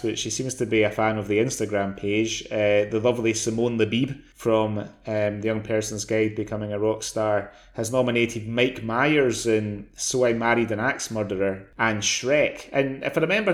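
A man co-hosting a podcast, chatting casually about a film and often repeating words as he goes. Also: on the low side. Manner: conversational, stumbles and repeats words. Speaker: podcast co-host. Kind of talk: casual film-review chat.

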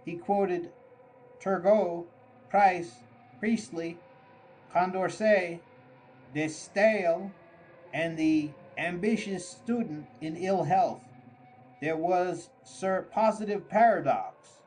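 A man narrating a story aloud in a measured, mock-grand storytelling manner. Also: high voice, darkish tone, faint music behind, low-quality recording. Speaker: audiobook narrator. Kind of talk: scripted narration.

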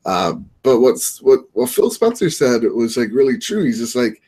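A man's voice: mid-range voice, very animated, moderate pace, dark tone, slightly rough. A man co-hosting a gaming podcast who talks casually, rambling and opinionated, with lots of filler words and restarts. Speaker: podcast co-host. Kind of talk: casual chat.

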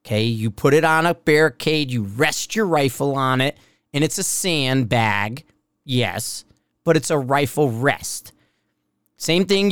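Guy rambling on his podcast, cusses a lot, kinda high smooth voice, dry sound. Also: no echo. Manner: blunt, profane, rambling with restarts. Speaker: shooting instructor and podcast host. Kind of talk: casual rambling podcast monologue.

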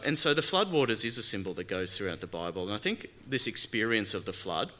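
Deep-voiced, bright-toned male pastor preaching. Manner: conversational preaching with rhetorical questions and fillers. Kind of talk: sermon.

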